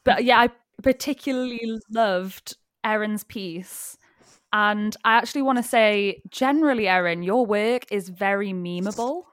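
A woman's voice: medium pitch, a little slow, clean tone, no room sound, studio quality. A woman from the coast, hosting a panel chat in a bubbly, giggly, rambling way. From North East England coast. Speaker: panel host. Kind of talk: casual panel discussion.

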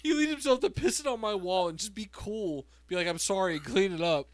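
A man's voice: high-pitched, animated, a little fast. A man co-hosting a podcast in casual chat, cracking crude jokes and laughing along. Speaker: podcast co-host.

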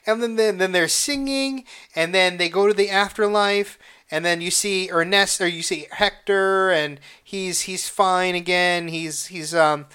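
A man hosting a casual solo podcast, retelling a movie with heavy swearing and halting restarts, emotional and excitable. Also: high voice, smooth. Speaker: podcast host.

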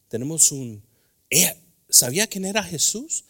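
A middle-aged man preaches a sermon in a church, his voice lively and swooping as he acts out little scenes. His tone is bright and cutting. He moves back and forth between English and Spanish. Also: sits high, fairly quick. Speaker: pastor. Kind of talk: bilingual sermon. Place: church sanctuary.

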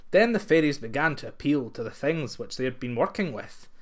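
A man narrating a folktale in an expressive, lilting way. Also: mid-range voice, fairly quick. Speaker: storyteller.

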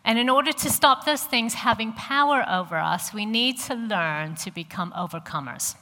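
A woman's voice: a little high, animated, moderate pace, in a large hall. An American woman in her fifties giving a sermon, chatty and earnest with personal stories. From USA. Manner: warm, chatty and earnest, with many fillers. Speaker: church speaker.

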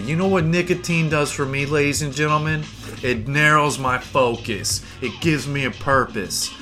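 Podcast host, male, bright forceful tone, rambling profane comic monologue, faint music under the voice. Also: mid-range voice. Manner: profane, rambling, mock-boastful. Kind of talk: comedic rant monologue.

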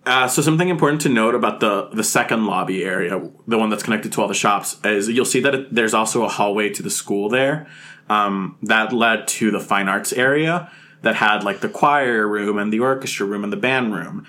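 A man telling a ghost story as a podcast guest, animated and laughing, swearing freely as he acts out his own past reactions. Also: lowish voice, a little fast. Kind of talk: casual podcast anecdote.

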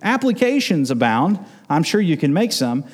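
A man preaching an expository sermon, emphatic and repeating words for emphasis, slowing down on key phrases. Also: a little high, big pitch swings. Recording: long reverb in a large hall.

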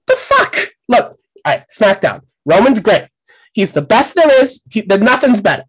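A loudmouth male wrestling pundit, played by a man, ranting with nonstop profanity. He swings between grumbling and yelling at people off-mic, all in a comic bit. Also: high-pitched, big pitch swings, moderate pace, breathy edge, full character voice, poor audio. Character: brash foul-mouthed male wrestling pundit. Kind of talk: comedic character segment.

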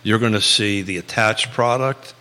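A man's voice: lowish voice, normal speed, sharp tone, big-room sound. A man in his sixties with a Long Island New York accent, hosting a live real estate talk show in a loose, rambling way with many fillers and restarts.

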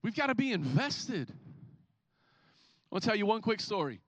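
Bright, high-voiced man preaching. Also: a little slow, no room sound. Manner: animated storytelling, acts out scenes. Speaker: pastor. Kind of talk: sermon. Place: church.

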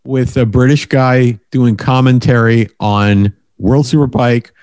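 A man co-hosting a casual racing podcast, giving measured opinions and checking in with a "right?". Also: mid-range voice, fairly even intonation, a little mellow, smooth, no room sound. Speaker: co-host.

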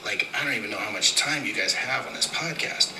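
A man's voice: on the low side, brisk. A man leaving a rambling, casual voicemail, swearing freely as he talks. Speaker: voicemail caller. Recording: distant roomy voicemail with faint noise.

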